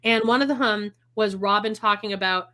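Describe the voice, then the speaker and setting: A woman's voice: mid-range voice, moderate pace, bright, forceful tone. A young woman co-hosting a casual chat, reading a book aloud and breaking off with sarcastic, mocking asides. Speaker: podcast co-host.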